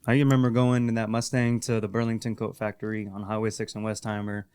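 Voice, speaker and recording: A man, a podcast guest talking about cars in an easygoing way, with his voice trailing off quietly. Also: fairly low pitch, level tone, quick pace, clean tone, no room sound, clean studio sound. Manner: laid-back, trails off quietly. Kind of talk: casual chat.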